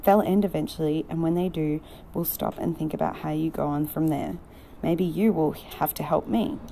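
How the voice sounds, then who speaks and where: Woman reading as a gentle, reassuring young man. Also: low voice, normal speed, creaky, a little hiss or hum. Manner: calm, coaxing.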